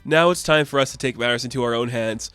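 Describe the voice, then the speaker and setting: A man's voice: medium pitch, fast talker, a bit bright, clean tone, dry recording, natural voice. A man voicing an eager male gorilla leader in a comic book recap, bold and pumped up. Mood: determined.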